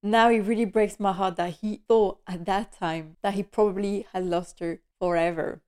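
Female podcast host, casual recap, emotional and animated, mid-pitched voice. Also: normal speed, smooth. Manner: animated and emotional, with nervous laughter.

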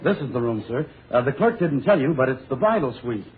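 A man's voice: mid-range voice, very animated, brisk, narrow, tinny audio, natural voice. A man playing a cheeky hotel bellboy. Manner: polite then wisecracking. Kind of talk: 1930s radio comedy sketch. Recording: scratchy 1930s radio broadcast.

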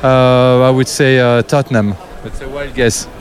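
A man's voice: medium pitch, fairly even intonation, moderate pace, slight background noise. Good-humored man guessing in a street interview. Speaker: passer-by, fan.

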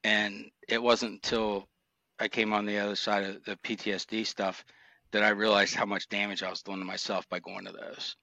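A man speaking in a bright, forceful voice that stays flat and even in pitch. He recounts his police years earnestly and reflectively, close to a dry microphone. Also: moderate pace, vocal fry, dry recording. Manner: earnest, reflective, emotional recollection. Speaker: retired motor cop guest. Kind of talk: candid interview storytelling.

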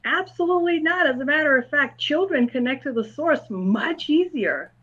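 A woman with a fairly high voice answers interview questions in a calm, patient way. She explains ideas in simple words for a young listener. The recording sounds dull and lo-fi. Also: normal speed. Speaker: guest, school psychologist and clairvoyant.

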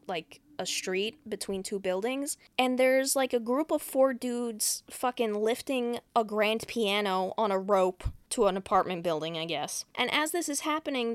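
Higher-voiced woman recapping a movie. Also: smooth, no room sound. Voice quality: swears freely, acts out quoted lines. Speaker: podcast co-host.

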